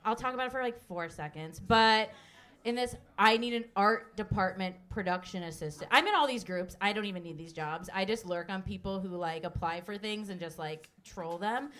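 A woman co-hosting a live podcast, joking and swearing in quick banter. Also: mid-range voice, fairly bright tone. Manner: rapid, profane, joking. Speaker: podcast co-host. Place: live event with crowd.

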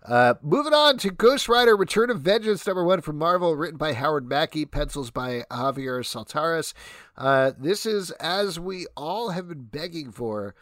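A man's voice: fairly high pitch, moderate pace, no echo, studio quality. A man hosting a casual comic review show, reading out credits and leading the talk. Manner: lively, reads credits, laughs between lines. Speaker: host.

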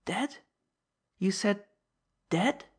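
A woman's voice: mid-range voice, expressive, extremely slow, pitched above the performer's own voice, exaggerated voice. A woman voicing a frail, frightened old man who stammers and whispers. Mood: fearful. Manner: quavering, stammering, breathy whispers.

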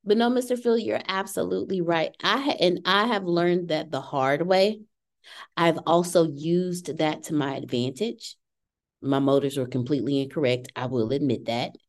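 A woman in her thirties hosting a podcast discussion, lively and acting out what others said. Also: deep voice, moderate pace. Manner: animated, acts out quoted voices. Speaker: podcast host. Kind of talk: casual group discussion.

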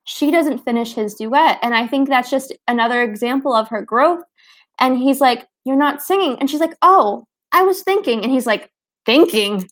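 Woman, high voice, enthusiastic, casual film chat, quotes characters. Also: moderate pace. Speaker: podcast co-host discussing a film.

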